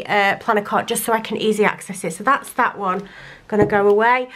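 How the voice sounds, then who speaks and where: A woman's voice: fairly high pitch, a bit bright. A young woman chatting casually to camera while she sorts her sticker collection and thinks aloud. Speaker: planner sticker vlogger.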